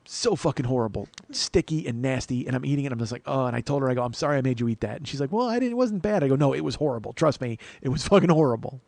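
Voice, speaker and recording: A man's voice: medium pitch, rapid-fire, creaky, hardly any pauses, darkish tone. A man hosting a comedy podcast, telling a story in a profane, ranting monologue. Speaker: podcast host.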